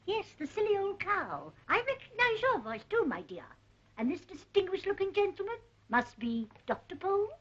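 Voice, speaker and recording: A woman's voice: extremely high pitch, big pitch swings, normal speed. An actress playing a prim, schoolmarmish old English lady in a 1950s crime film. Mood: tart. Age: older. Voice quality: schoolmarmish, a bit la-di-da. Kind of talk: 1950s British film acting. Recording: dull old film soundtrack.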